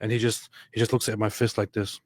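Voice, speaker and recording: A man co-hosting a podcast, telling an anecdote in casual chat, animated and acting out what others said. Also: on the low side, quick pace, dry recording. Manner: animated, acts out quotes, frequent restarts. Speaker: podcast co-host.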